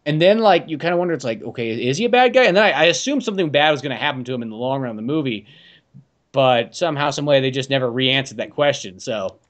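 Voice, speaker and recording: A man's voice: mid-range voice, expressive, fast talker, highs cut off. A man hosting a podcast in casual chat, rambling, joking and swearing freely. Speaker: podcast host.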